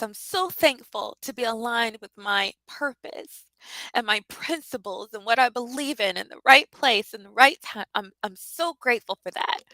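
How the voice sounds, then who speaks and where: A woman's voice: a little high, sharp tone, no room sound, rough recording. A woman teaching spiritual leadership with emotional, preacherly emphasis and repetition. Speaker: leadership coach.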